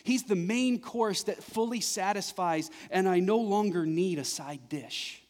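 A middle-aged man preaching a sermon as pastor, building emphasis through repeated phrases. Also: on the high side. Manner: preaching with rising, emphatic repetition. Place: church sanctuary. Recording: church recording with long reverb.

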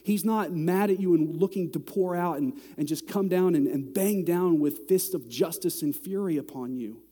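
A middle-aged man preaching to his congregation, with a warm, mellow voice a little higher than most men's. He talks in a loose, conversational way and builds to loud, exasperated peaks, and a long reverb trails each phrase through the big hall. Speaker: pastor. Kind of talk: sermon.

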